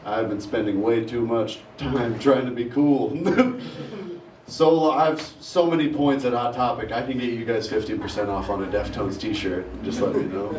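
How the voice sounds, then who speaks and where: A man's voice: medium pitch, fairly even intonation, normal speed, a little hiss or hum. A man performing a stand-up comedy set in a small theater, rambling and self-mocking. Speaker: stand-up comic. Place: small theater with live audience. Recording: echoey room, mic heard from far, loud crowd.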